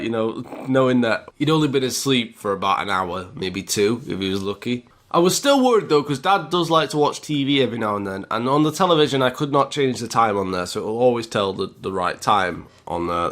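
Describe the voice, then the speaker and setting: A young-sounding British man chatting straight to camera in a storytime vlog. His pitch swings up and down a lot as he tells the story, and he keeps turning to his audience with a casual "guys". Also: fairly bright tone. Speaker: YouTuber.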